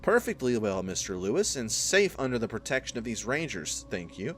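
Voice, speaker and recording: A man's voice: medium pitch, sing-song, a little fast, fairly bright tone, a little hiss or hum. A man reading the lines of a polite woman in a prim, formal manner.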